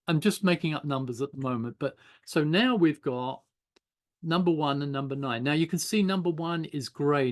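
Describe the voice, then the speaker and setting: An older man giving an informal online animation class, chatting loosely while he draws and thinks aloud. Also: on the high side. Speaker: animation teacher.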